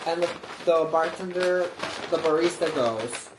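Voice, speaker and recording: A man vlogging a casual story in a gossipy way, with lots of "like", acting out quotes in sudden high squeals. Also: measured pace. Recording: roomy echo with faint noise.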